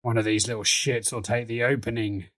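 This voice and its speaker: Man doing a gruff hulking pirate captain. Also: medium pitch, fairly even intonation, brisk, a bit bright, lightly acted. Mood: menacing.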